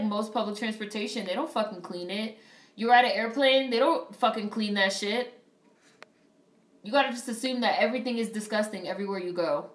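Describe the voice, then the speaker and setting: A woman on a casual live stream who reads viewer comments aloud and reacts to a film in a blunt, profane, animated way. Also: mid-range voice, distant mic. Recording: roomy, off-mic sound.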